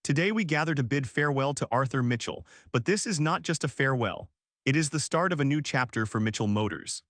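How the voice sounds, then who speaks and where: A man's voice: mid-range voice, expressive, a little fast, fairly bright tone, no echo, lightly acted. Cold stepmother in her forties, contemptuous and cutting, read by a man in a dry, close recording.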